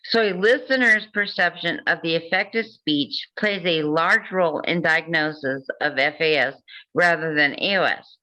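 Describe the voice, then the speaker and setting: A woman's voice: sits low, moderate pace, pushed and bright, muffled recording. A woman hosting a casual talk, reading passages aloud and adding joking asides. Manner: reads passages then comments with jokes and laughs. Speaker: host.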